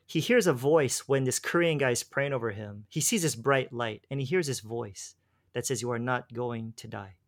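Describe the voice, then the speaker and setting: A man in relaxed conversation tells a long personal story. He rambles, restarts his sentences and drops in slang like "bro". His voice sits at an ordinary middle pitch. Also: moderate pace. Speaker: guest telling his faith story.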